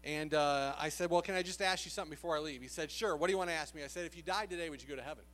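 A man's voice: on the high side, very fast, a bit bright. A man preaching a sermon, telling a personal story in an earnest, conversational way with frequent filler sounds.

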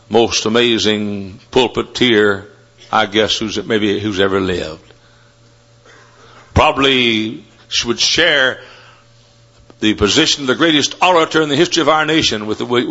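A man preaching a sermon, telling stories and rising to loud, fervent shouts. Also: fairly low pitch. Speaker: Baptist preacher. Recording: dull lo-fi sermon recording.

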